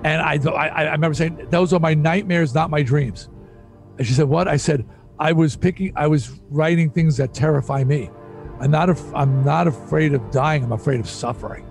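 A middle-aged man with a gravelly, fry-laden voice that sits slightly above the usual male range. He tells stories in a loose, profane interview style, circling back and repeating phrases when he gets excited. Soft music runs faintly underneath. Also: on the high side, moderate pace. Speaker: interview guest. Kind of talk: casual interview storytelling.

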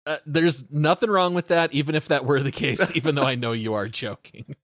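A man's voice: on the high side, a little fast, a bit bright, no echo, studio quality. A man hosting a gaming podcast, reading the intro in an upbeat, announcer-like way and then chatting casually. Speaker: podcast host.

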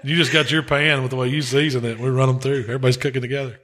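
A man, hosting a casual podcast chat in a relaxed drawl and chuckling often. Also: mid-range voice, rapid-fire. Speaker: podcast host, pitmaster.

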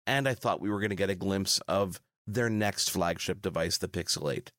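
A man from Canada, a tech journalist guest, explaining in a measured way during casual chat. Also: low voice, a bit bright, dry recording, studio quality.

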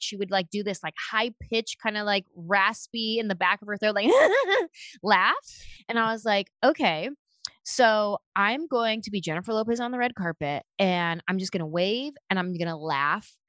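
A woman guest, a comedian, telling stories in lively conversation and slipping into quick voices as she goes. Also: mid-range voice, no room sound, studio quality. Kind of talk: animated storytelling in conversation.

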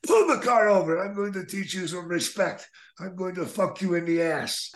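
A man's voice: on the high side, sing-song, slow, pitched above the performer's own voice, full character voice. A man putting on the voice of a hot-tempered foreign wrestler friend who speaks in thick, broken English. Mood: furious.

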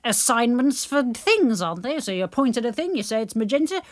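A woman's voice: a little high, sing-song, a little fast, dry recording, clean studio sound. A woman hosting a casual comedy podcast, playful and giggly, with a mock-mystical air as she answers listener letters.

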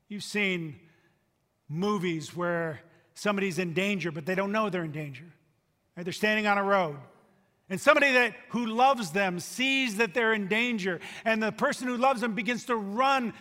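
High, bright-voiced man preaching in a hall. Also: normal speed. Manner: emphatic preaching, swinging from loud to hushed. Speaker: pastor. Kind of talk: sermon. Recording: long reverb of a large hall.

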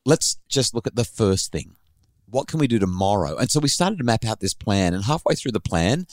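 A middle-aged man hosting a parenting podcast, telling a family story in an animated way with frequent restarts. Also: on the low side, no echo.

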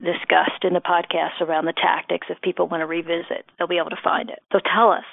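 A woman hosts an interview in a relaxed, chatty way, telling listeners where to find the links. Her voice has a gravelly edge and comes over a thin, phone-like line. The sound is dry and close. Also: on the low side, fast, dry recording. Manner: chatty, points listeners to show notes. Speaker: podcast host. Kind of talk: casual interview hosting.

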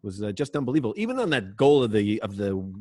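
A middle-aged man hosting a podcast, joking and animated as he tells stories and questions his guest. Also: on the low side, quick pace, dry recording. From Ireland. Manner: jokey, animated, lively storytelling. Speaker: podcast host. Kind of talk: casual interview chat.

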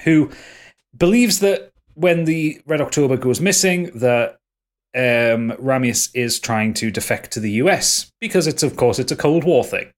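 A man's voice: medium pitch, animated, unhurried. A man chatting casually about films on a podcast, rambling with lots of fillers and restarts. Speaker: podcast host. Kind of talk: casual film discussion.

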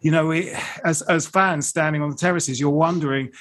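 A man's voice: on the high side, fairly even intonation, brisk, a bit bright. Enthusiastic male podcast host. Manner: enthusiastic, rambling lists. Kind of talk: casual podcast chat.

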